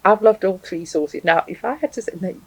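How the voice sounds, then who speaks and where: Chatty woman with a husky voice. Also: fairly low pitch, a little fast, dry recording, highs cut off. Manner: chatty, thinks aloud with many ums. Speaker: hot sauce reviewer. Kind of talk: casual chat to camera. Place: home, indoors with a cat.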